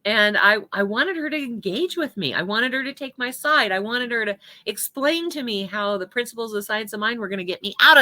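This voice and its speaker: A woman's voice: medium pitch, bright, forceful tone. A woman giving a spiritual talk, telling a personal story in a conversational, personal way.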